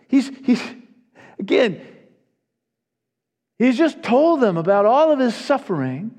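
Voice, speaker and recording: High-voiced male preacher in a reverberant hall. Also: big pitch swings, slow pace, long pauses, a little mellow. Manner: emphatic, earnest preaching with repetitions. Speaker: pastor. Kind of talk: sermon. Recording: long reverb of a large hall.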